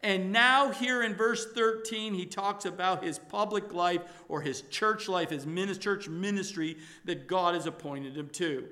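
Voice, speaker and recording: A male pastor preaching a sermon to his congregation, emphatic and rising to loud exhortation. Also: high voice, a little slow, few pauses.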